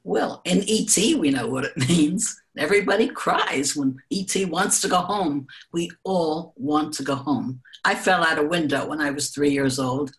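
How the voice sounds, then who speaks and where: An older woman, a guest speaker, answers interview questions with reflective personal stories told gently and without hurry, laughing softly now and then. Her voice sits low.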